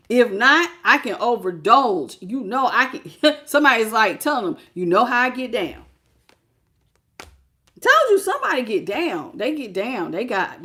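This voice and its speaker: A woman with a slightly high voice runs a live tarot reading, laying out the cards in a loose, conversational way. She talks animatedly, laughs easily and greets viewers by name between the cards. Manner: casual, chatty, animated, often laughing. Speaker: tarot reader.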